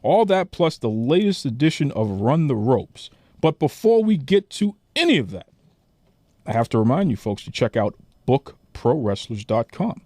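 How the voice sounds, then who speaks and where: A man's voice: medium pitch, very animated, moderate pace, mellow, no echo, studio quality. Hyped-up male podcast host. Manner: hype, showman-like. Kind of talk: energetic podcast hosting.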